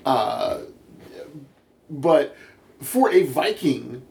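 A man's voice: mid-range voice, very animated, extremely slow, vocal fry, a little mellow. A man chatting casually on a podcast, laughing often and restarting his sentences. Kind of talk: casual chat. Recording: roomy echo, faint background noise.

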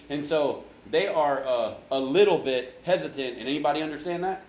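Man leading a youth Bible talk, jokey and slangy, slightly high voice, roomy hall. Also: fairly quick, few pauses, darkish tone, slight background noise. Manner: joking, quizzes the audience, slangy. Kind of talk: casual Bible lesson to a group. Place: large room with an audience. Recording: echoey hall with faint ambience.

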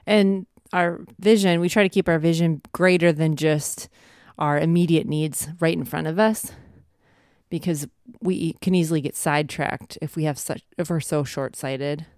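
A woman co-hosting a faith and family podcast, speaking earnestly and warmly. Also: low voice, steady tone, moderate pace, no echo, clean studio sound. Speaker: podcast co-host. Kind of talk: casual conversational podcast.

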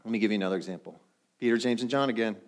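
A man's voice: fairly low pitch, rapid-fire. Conversational male pastor preaching. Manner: conversational, asks the congregation questions. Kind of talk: sermon.

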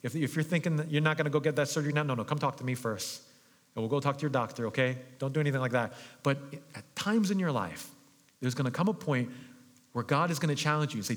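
A man preaching a sermon as pastor, telling a story with animated energy and voicing the crowd. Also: mid-range voice, brisk. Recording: long reverb of a large hall.

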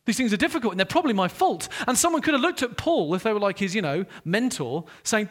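A man preaching a sermon, animated, dropping to hushed asides and rising to loud exclamations. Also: sits high, quick pace, few pauses.

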